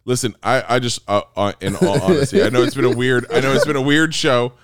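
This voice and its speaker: A man co-hosting a podcast, loud and laughing, swinging between shouts and low mutters in crude banter. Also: fast, dry recording, clean studio sound. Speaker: podcast co-host.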